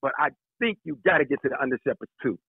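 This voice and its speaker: A man, an actor and guest, joking and telling animated stories in a casual interview. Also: medium pitch, fast talker, creaky, slightly rough, no room sound. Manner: animated, joking, laughs often. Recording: phone-line sound.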